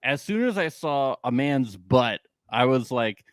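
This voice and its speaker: A man's voice: mid-range voice, lively intonation, a little slow, dry recording, studio quality. A young man co-hosting a casual recap podcast, joking and swearing often and laughing between lines. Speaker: podcast co-host.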